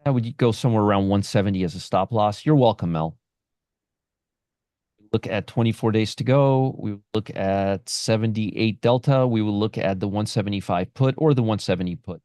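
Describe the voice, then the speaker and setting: A man's voice: fairly low pitch, normal speed, warm tone, no room sound, studio quality. A man hosting a live stream on options trading, brash and sarcastic, answering viewers from the chat by name.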